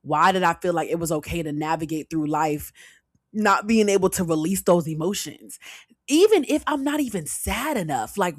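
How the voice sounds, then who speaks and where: A woman's voice: medium pitch, no echo, clean studio sound. A young woman, hosting a casual storytime podcast and calling listeners girl, child and honey. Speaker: podcast host.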